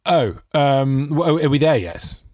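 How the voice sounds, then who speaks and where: Man, rambling jokey talk, animated pitch, dry close sound. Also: slow, no echo. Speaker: podcast co-host. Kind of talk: casual chat.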